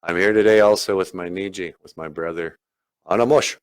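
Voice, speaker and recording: A man's voice: deep voice, steady tone, fairly quick. A man hosting a podcast with casual, jokey, rambling banter and plenty of hesitations. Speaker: podcast host.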